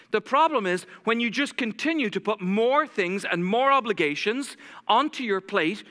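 A lead pastor preaching a sermon, intense and fast-talking, dropping to a soft hush when he reads scripture. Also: sits high. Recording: long church hall reverb.

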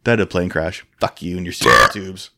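Lively, laughing male podcast co-host. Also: sits low, fast talker, vocal fry. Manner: laughs often, teasing, rambling. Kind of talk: casual crude banter.

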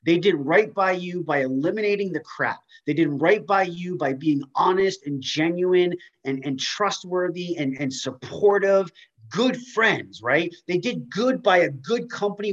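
Emphatic man on a lo-fi video call. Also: on the high side. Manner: emphatic, rambling, emotional. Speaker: co-host. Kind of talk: casual video call chat.

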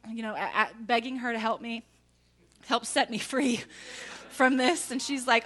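A woman preaching a sermon, telling a lively personal story with emphatic asides to the congregation. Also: a little high, normal speed.

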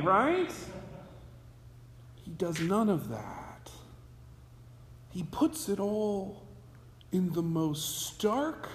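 A pastor delivers a sermon at an unhurried pace, talking it through with the congregation and tossing out rhetorical questions. The pitch rises and falls in a very lively way. The voice rings through a roomy church sanctuary with a long, trailing reverb. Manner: conversational preaching with rhetorical questions. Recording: echoey hall with long reverb.

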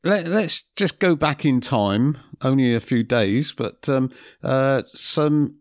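A man's voice: medium pitch, expressive, no echo. Dry, teasing man. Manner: dry, teasing, brisk when reading results. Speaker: co-host of a football show. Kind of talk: casual football chat.

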